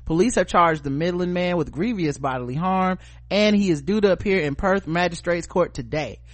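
A man's voice: high-pitched, moderate pace, no room sound. A man hosting a podcast, reading news stories aloud and joking around with crude, casual talk. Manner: joking, profane, laughs often. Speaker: podcast host.

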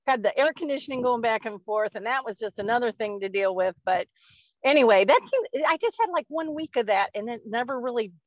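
Woman in her forties, chatty podcast co-host, fairly high voice, dry muffled sound. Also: expressive, a little fast, no room sound. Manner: chatty, rambling, laughs often. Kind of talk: casual chat.

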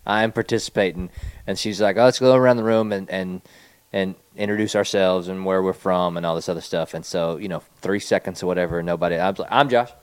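Deep-voiced man telling rambling stories. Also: fast, clear, resonant tone, dry recording. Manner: rambling, animated storytelling. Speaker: podcast co-host. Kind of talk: casual chat.

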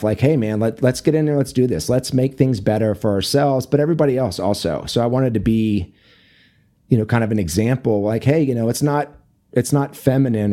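A man with a lowish, mellow voice talks as a podcast guest. He is easygoing and casual, full of fillers and restarts. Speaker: guest, fatherhood coach and author. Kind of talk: casual interview talk.

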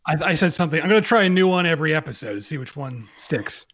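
A man's voice: on the high side, animated, fast talker, fairly bright tone. Philly accent guy joking around on a podcast, kinda muffled sound. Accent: Philadelphia. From Philadelphia. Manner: joking, playful. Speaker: podcast guest, writer. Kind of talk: casual podcast chat.

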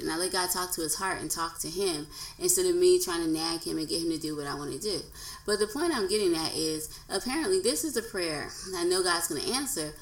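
A woman in her thirties talks through her solo podcast in a casual, earnest way. Her voice sits on the low side with a gravelly edge. The room around her mic is echoey. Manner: earnest and conversational, acts out quoted voices. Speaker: podcast host.

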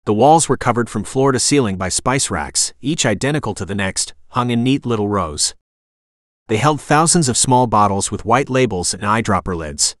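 A man narrating a first-person story in a steady, even storytelling manner, recorded on a close studio mic. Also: fairly low pitch, moderate pace, no room sound. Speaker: audiobook narrator.

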